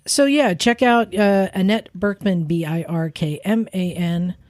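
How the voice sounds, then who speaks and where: A woman's voice: mid-range voice, measured pace, a little mellow, no echo, studio quality. A woman co-hosting a podcast in casual chat, chatty with many fillers and frequent laughs. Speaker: podcast co-host.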